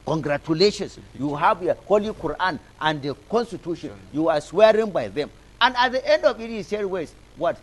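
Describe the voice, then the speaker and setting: Impassioned Nigerian man, lively pitch. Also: brisk, hardly any pauses, poor audio. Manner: impassioned, rhetorical, piles up repeated phrases. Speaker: political analyst guest. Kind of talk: animated studio talk show commentary. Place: television studio.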